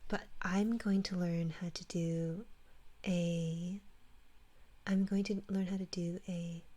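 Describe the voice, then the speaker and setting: A woman from Canada with a Canadian accent, softly whispering as she chats with viewers in an ASMR stream. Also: lowish voice, steady tone. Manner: soft whispering, chatty and drawn-out words.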